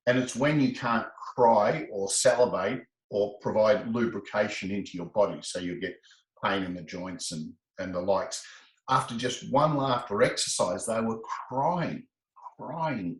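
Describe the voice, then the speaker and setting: A man, a laughter specialist being interviewed, telling stories in an animated way and acting out the voices in quoted exchanges. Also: measured pace, roomy sound, rough recording. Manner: expressive, acts out quoted exchanges with rising pitch. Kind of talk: animated conversational storytelling.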